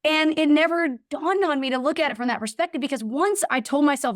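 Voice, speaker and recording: She talks fast with a high-sitting voice and few pauses, recounting a personal story as a guest in a casual podcast interview. Animated throughout, she impersonates the people in her anecdote, and the recording is dry.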